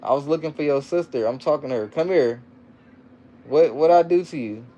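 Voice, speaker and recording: A man with a fairly high, mellow voice talks a little fast while hosting a casual livestream, reading viewer comments aloud and repeating himself in loose slang. He's coaxing and playful with his child, and the audio sounds dull with a bit of hiss or hum.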